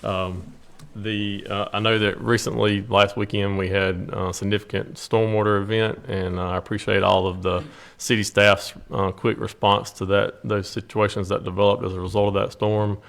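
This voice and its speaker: Low, flat, gravelly man at a council meeting. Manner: measured, many filler ums. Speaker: city official reporting to council.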